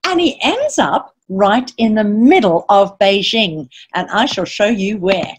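A woman, a children's author, reading a picture book aloud to children as an animated storyteller, reciting rhyming verse and asking her listeners questions. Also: medium pitch, takes it slowly, few pauses, slightly rough. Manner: reads rhyming verse in lively sing-song.

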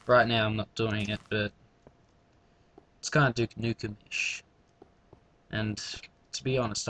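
A man's voice: fairly low pitch, fairly bright tone. A man giving casual gameplay commentary, rambling through mumbled asides to his viewers. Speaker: let's play gamer.

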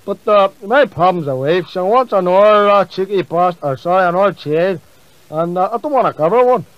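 A man voicing a loud, blunt, foul-mouthed working-class caller. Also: sits high, expressive, fairly quick, no room sound. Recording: muffled comedy CD.

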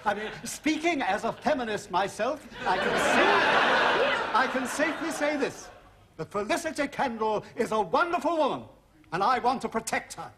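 A man's voice: very high-pitched, big pitch swings, moderate pace, heavy background noise. An actor playing a pompous, blustering middle-aged father with a British accent. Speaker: sitcom character.

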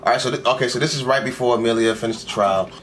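Rapid-fire and a bit bright, this mid-range male voice belongs to a young man commenting on an anime episode. He talks back at the screen in slang and keeps saying "bro," with slight background noise present.

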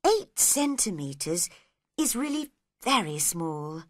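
A woman's voice: fairly low pitch, very animated, slow pace, no room sound, studio quality, heavily acted. A woman voicing a polite, puzzled young girl who talks earnestly and asks many questions.

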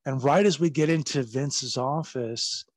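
A man telling backstage stories as a guest in a casual interview, animated and profane, laughing as he goes. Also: mid-range voice, a little slow, dry recording. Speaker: guest recounting his wrestling career.

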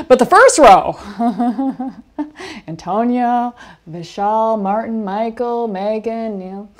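A woman coaching a film class over a video call, telling stories in an animated way with lively asides. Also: a little high, takes it slowly. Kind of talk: online class talk.

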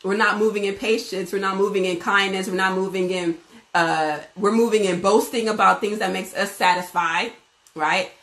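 A woman giving an informal bible study message, conversational and animated, acting out little exchanges as she teaches. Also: medium pitch, moderate pace. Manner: animated, conversational, acts out dialogue. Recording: roomy echo.

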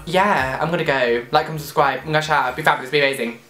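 A young man vlogging casually, gushing and excitable and swearing freely. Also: a little high, fairly quick, roomy sound, soft background music. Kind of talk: casual vlog chat.

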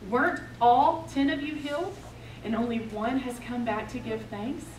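A compassionate male teacher gently questions his followers, as a woman puts him on in her sermon. He speaks softly and asks his questions with care. The sound carries from a distance in a roomy hall. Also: on the high side, normal speed, background noise, close to an everyday voice. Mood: questioning.

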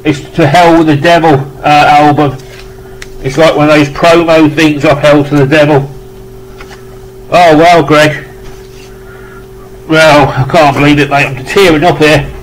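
A man's voice: a little high, flat delivery, unhurried, pauses often, slight background noise, low-quality recording. A British man casually chatting on camera as he unboxes records, rambling and effusive with joking asides. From United Kingdom.

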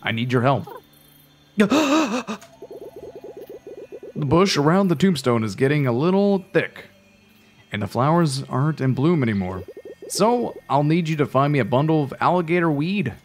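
A man's voice: fairly high pitch, very animated, measured pace, long pauses, slight background noise, voice pushed up. A man voicing a strict but caring mother animal in a game, with a put-on Brooklyn accent and a firm, instructing manner. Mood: firm motherly.

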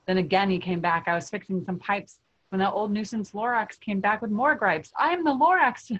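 A woman reading a rhyming children's storybook aloud in an expressive way. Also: mid-range voice, a little fast, muffled recording. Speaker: reader.

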